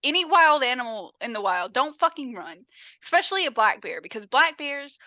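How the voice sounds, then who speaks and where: A woman from Appalachia talks in a casual podcast chat, animated and blunt with a lot of swearing. Her voice sits high and sounds bright and crisp. The recording is dry and slightly muffled. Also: normal speed, dry recording. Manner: emphatic, profane, animated storytelling. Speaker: podcast co-host.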